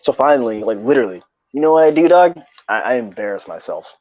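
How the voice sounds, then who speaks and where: A man's voice: medium pitch, expressive, quick pace, dry recording. A young man casually telling a rambling, profane story in slangy talk. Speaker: podcast co-host. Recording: dull lo-fi dry sound.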